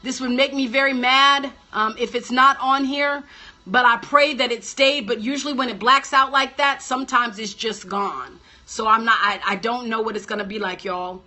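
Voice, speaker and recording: A woman's voice: fairly high pitch, fairly even intonation, normal speed, bright, forceful tone. A woman minister preaching and prophesying on a live stream, fervent and repetitive, speaking straight to her viewers. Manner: fervent, repetitive declarations, addresses viewers directly.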